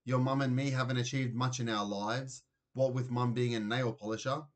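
A man's voice: mid-range voice, fairly even intonation, moderate pace, natural voice. A man voicing a weary, grumpy father who works as a security guard, in a children's storybook reading. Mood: blustering.

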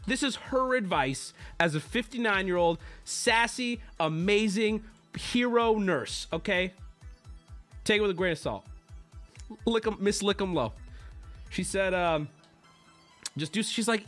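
A male streamer chatting casually into a desk mic. His voice sits fairly high and swoops up and down as he tells stories and jokes with his viewers. Faint music plays behind him. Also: measured pace, pauses often. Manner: animated storytelling, swearing and teasing chat. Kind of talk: casual live-stream chat.

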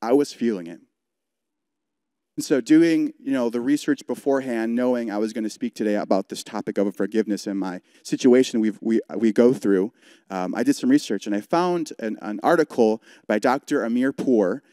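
A man's voice: mid-range voice, moderate pace, dark tone, dry recording, clean studio sound. A young man, a youth pastor, preaching an earnest, conversational sermon through a personal story, with frequent "like" fillers. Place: church service broadcast.

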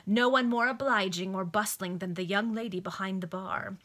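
A woman narrates a novel for friends over a video call. Her reading is expressive and lightly amused, and her voice is bright and forward. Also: mid-range voice. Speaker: reader.

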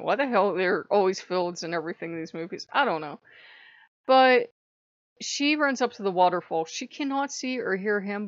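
A woman ranting on her vlog in an animated, sarcastic way, swearing freely, on a dull, dry recording. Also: medium pitch, no echo. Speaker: vlogger. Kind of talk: casual vlog rant.

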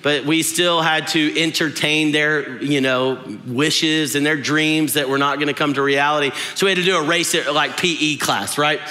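A man's voice: a little high, fairly even intonation, moderate pace, hardly any pauses, sharp tone. A young adult male pastor preaching a sermon, telling a self-mocking story and joking with the congregation. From West Texas. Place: large church auditorium. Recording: long hall reverb in a large church.

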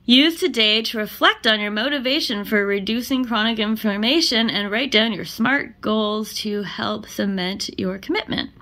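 A woman's voice: mid-range voice, moderate pace, few pauses, pushed and bright. A woman vlogging at home, chatting to the camera as she moves between rooms, laughing often and poking fun at herself. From Canada. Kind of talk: casual vlog chat to camera.

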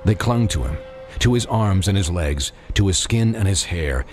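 A man narrating a dark audiobook in measured, dramatic storytelling. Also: deep voice, lively intonation. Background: music.

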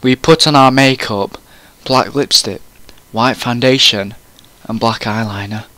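A man's voice: mid-range voice, fairly even intonation, a little slow, pushed and bright. A man reading a fan story aloud in a comic, mock-serious way, often breaking into laughter.

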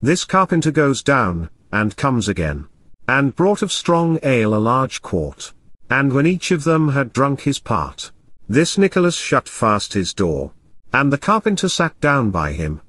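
Man narrating an audiobook, lively tone. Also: mid-range voice, no room sound. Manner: measured storytelling.

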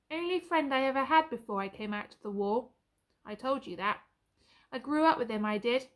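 A woman's voice: fairly high pitch, a bit bright. A woman reading aloud as an earnest young male soldier, with urgent, emotional pleading.

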